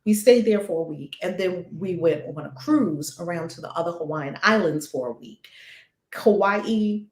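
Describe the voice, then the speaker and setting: A woman's voice: fairly low pitch, animated, normal speed. Enthusiastic woman host, roomy sound. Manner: enthusiastic, exclamatory. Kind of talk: casual chat. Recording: roomy echo.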